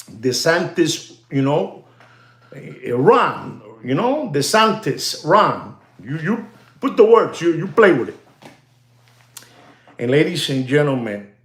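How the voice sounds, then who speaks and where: A man hosting a watch market show, talking in a rambling, excitable way and often calling out to ladies and gentlemen. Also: medium pitch, roomy sound. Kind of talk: rambling market commentary monologue.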